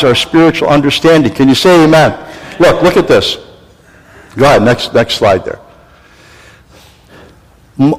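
Animated male pastor in a reverberant hall. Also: a little high. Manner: animated preaching, acts out voices and cries out. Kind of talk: sermon.

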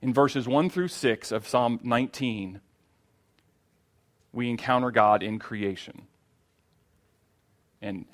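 A man preaching a sermon in a church, earnest and repeating key phrases for emphasis. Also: medium pitch.

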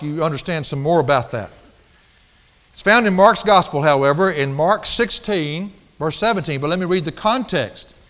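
A man's voice: sits high, fairly bright tone, long reverb tail. A man preaching a sermon, emphatic, drawing out key words and laughing at his own stories. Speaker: pastor. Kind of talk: expository sermon.

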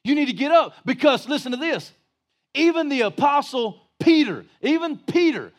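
A male pastor preaching a sermon in a folksy, joking way, rising to shouts for emphasis. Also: extremely high pitch, sing-song, normal speed.

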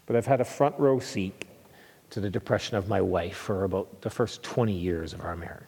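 Earnest middle-aged preacher in a reverberant hall. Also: male voice, low voice, a little fast, husky. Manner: earnest, repeats phrases for emphasis, drops to a hush then lifts. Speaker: pastor. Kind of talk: sermon.

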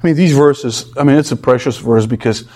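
A man's voice: medium pitch, brisk, dark tone. A male pastor preaching an expository sermon with emphatic, rhythmic lists.

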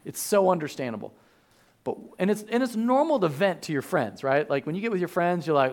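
A man's voice: sits high, big pitch swings, brisk, darkish tone. A man preaching a conversational sermon, joking with the congregation and acting out the lines of the people in the story. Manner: conversational, acts out quotes, jokes with the congregation. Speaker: pastor. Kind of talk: animated sermon.

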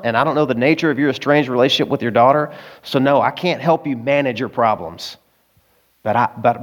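Folksy Arkansas preacher with a twang. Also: male voice, fairly high pitch. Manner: folksy, self-mocking, acts out quotes. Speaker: pastor. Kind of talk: sermon storytelling.

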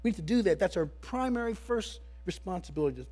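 Husky-voiced preaching man, high-pitched. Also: lively intonation, fast talker, darkish tone. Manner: emphatic preaching with many repeated words. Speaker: pastor. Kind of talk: sermon.

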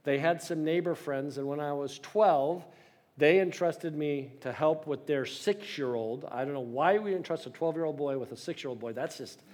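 Humorous older preacher telling a story. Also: male voice, a little high, moderate pace, a little mellow. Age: 60s. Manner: storytelling, self-deprecating humor. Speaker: pastor. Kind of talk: sermon.

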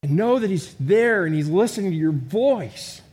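A man's voice: sits high, animated, moderate pace, darkish tone, breathy edge. A middle-aged man preaching a sermon in a conversational way, full of rhetorical questions and self-deprecating humor. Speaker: pastor.

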